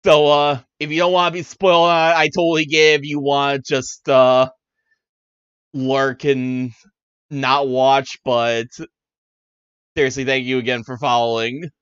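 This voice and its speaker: A man's voice: medium pitch, little pitch movement, unhurried, a bit bright, clear, resonant tone, no echo, highs cut off. A man streaming a game as a VTuber, chatting casually and rambling with frequent restarts. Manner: rambling, self-correcting, chatty.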